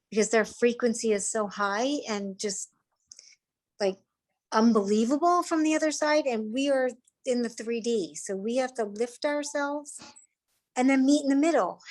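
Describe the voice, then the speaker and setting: A woman hosts a podcast as a psychic medium. Her voice sits a little high, and she talks in a soft, soothing, reassuring way. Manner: gentle and reassuring. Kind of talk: podcast talk.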